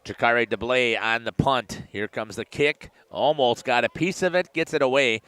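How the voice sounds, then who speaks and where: A man doing play-by-play commentary for a local high school football game, getting louder and higher on big plays. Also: normal speed, clean tone, no echo. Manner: excited rising calls on big plays. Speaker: play-by-play announcer.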